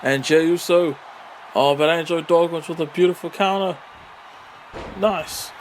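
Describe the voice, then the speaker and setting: A man commentating a wrestling video game with excited play-by-play, full of exclamations and mild swearing. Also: a little high, moderate pace, slight background noise. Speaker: gaming commentator.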